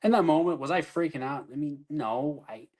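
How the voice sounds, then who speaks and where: A man's voice: on the high side, normal speed, a little mellow, poor audio. A man, an army veteran, telling his own story in a candid, casual way, blunt and full of swearing.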